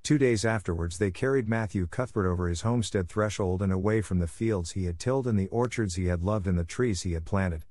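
Male audiobook narrator, low voice, calm and measured, dry close sound. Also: no echo.

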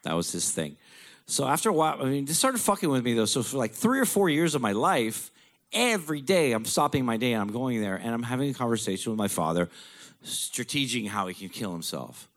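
A man's voice: mid-range voice, very animated, fairly quick, fairly bright tone. A man telling a candid personal story in a blunt, profane, conversational way.

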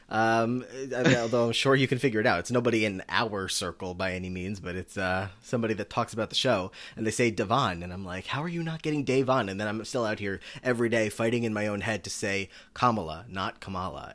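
A man's voice: fairly low pitch, a bit bright. A man co-hosting a podcast, recapping a game show in casual chat, rambling with lots of fillers and restarts. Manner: struggles over name pronunciations. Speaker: podcast co-host.

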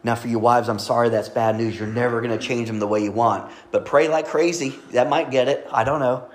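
A man's voice: medium pitch, fairly even intonation, brisk. A middle-aged man, a pastor, preaching a sermon in a conversational way, reading scripture and joking with the congregation.

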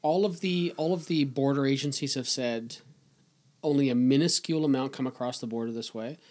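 A man's voice: mid-range voice, brisk, darkish tone. A man from Canada co-hosts a casual podcast in his ordinary mid-range voice. His talk is loose and joking, and he swears freely as he riffs on the news. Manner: profane, joking banter. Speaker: podcast co-host. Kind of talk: casual political chat.

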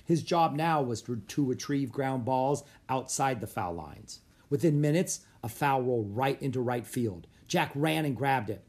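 Storybook narrator, husky voice, lively swinging pitch, loud bursts for the shouting characters. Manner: acts out shouts with sudden loud, high bursts. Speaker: audiobook narrator. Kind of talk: storybook read-aloud.

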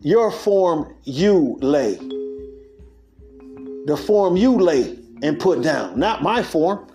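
A man's voice: on the high side, big pitch swings, extremely slow, mellow. Street-talking man musing over faint music. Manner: street-talking, laughs often, acts out quotes. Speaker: podcast host. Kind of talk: loose spiritual monologue.

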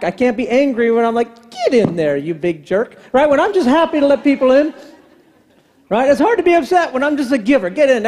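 Man, pastor, sermon, soft warm tone, high pitch, conversational. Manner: animated, conversational preaching with rhetorical questions.

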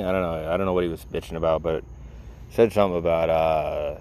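A man with a very deep, low voice tells a personal story in a loose, rambling way. He fills his talk with "like" and "you know" and drops wry, profane asides. A faint hiss of noise sits under the voice. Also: fairly even intonation, brisk, a little mellow.

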